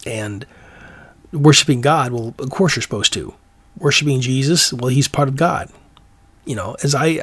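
A man's voice: medium pitch, dry recording. Man rambling through an opinion monologue. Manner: rambling, many restarts and fillers. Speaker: commentary podcast host.

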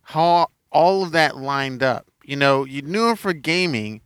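A man in his thirties hosting a casual podcast chat, laughing often and chiming in with quick agreement. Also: fairly high pitch, animated, a bit bright, smooth, dry recording. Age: 30s.

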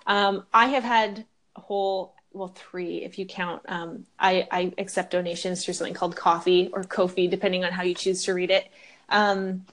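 A woman's voice: on the low side, steady tone, normal speed, a bit bright. A young woman co-hosting a podcast in casual chat, candid and ranting, swearing freely. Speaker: podcast co-host.

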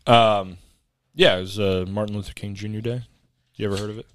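A man's voice: on the low side, steady tone, a little fast, smooth, dry recording. A young man and podcast co-host telling a story in casual chat, laid-back, profane and rambling.

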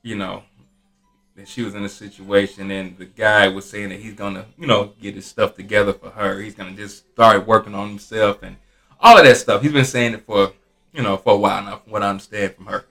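A man's voice: brisk, vocal fry. A man with an Atlanta accent, a postal supervisor, telling a story in casual chat and acting out the people in it. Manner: animated, acts out quotes with big pitch jumps. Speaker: postal supervisor, guest co-host.

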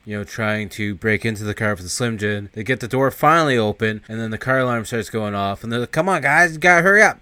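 A man's voice: fairly low pitch, a bit bright, clean tone, no room sound. A man hosting a podcast, casually recapping a film scene by scene, rambling and swearing freely. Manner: rambling, acts out character lines. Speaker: podcast host.

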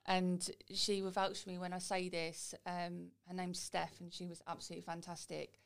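Gravelly-voiced woman telling her story. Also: lowish voice, monotone, normal speed. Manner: chatty, quotes people in little voices. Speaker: guest. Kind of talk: candid personal story.

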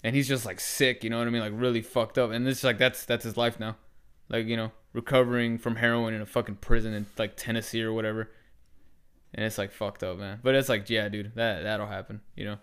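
A man's voice: fairly low pitch, flat delivery, fairly quick, fairly bright tone, clear, resonant tone. A man co-hosting a podcast in casual chat, rambling with lots of fillers and swearing. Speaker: podcast co-host.

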